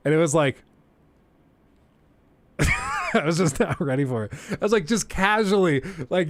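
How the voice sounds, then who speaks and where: A man's voice: fairly high pitch, expressive, a little slow, pauses often, no room sound. A young man telling a story on a livestream, laughing often and acting out the people he quotes. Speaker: streamer.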